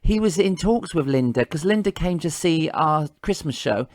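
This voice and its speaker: A man's voice: fairly high pitch, animated, normal speed, a little mellow, no echo. A man hosting a casual chat, friendly, with stammering restarts. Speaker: host.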